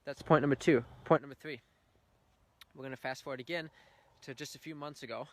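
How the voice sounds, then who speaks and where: A man's voice: mid-range voice, fairly even intonation, a little fast. A young man giving an earnest, heartfelt personal faith testimony at church, telling his story with swells of feeling.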